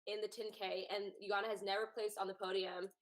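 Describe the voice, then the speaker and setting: A woman's voice: medium pitch, level tone, fairly quick, rough recording. A woman co-hosting a casual live chat who recaps events in a rambling, conversational way. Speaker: co-host.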